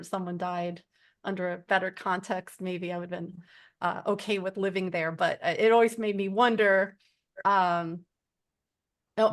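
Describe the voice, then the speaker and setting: Woman rambling through spiritual stories. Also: mid-range voice. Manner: rambling, heavy use of "like" fillers; earnest spiritual storytelling. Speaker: support group member. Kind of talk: casual group sharing.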